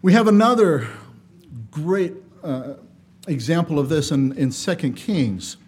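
Male preacher with a high voice, dynamic sermon delivery that swings from loud emphasis to quiet asides, measured when reading scripture. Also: expressive, breathy edge. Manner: reads scripture aloud in a measured cadence.

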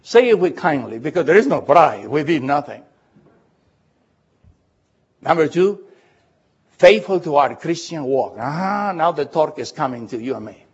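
A man preaching a sermon as pastor, emphatic, repeating words and slowing down to read scripture aloud. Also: on the high side, big pitch swings, slightly rough. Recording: dull lo-fi recording.

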